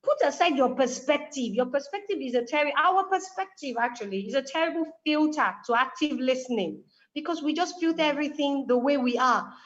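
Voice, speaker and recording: A woman with a high voice tells a personal story, acting out the lines of the people in it. The recording sounds dull and lo-fi. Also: brisk. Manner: animated storytelling with quoted dialogue. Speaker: guest speaker. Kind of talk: conversational explanation.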